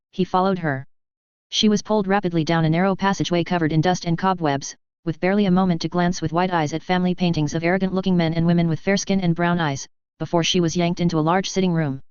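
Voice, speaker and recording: A woman narrates a story in a measured, even way. Her voice is lowish and very smooth and clean. The recording is dull and lo-fi, in a dry room close to the mic. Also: no room sound. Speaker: story reader. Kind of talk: reading fan fiction aloud.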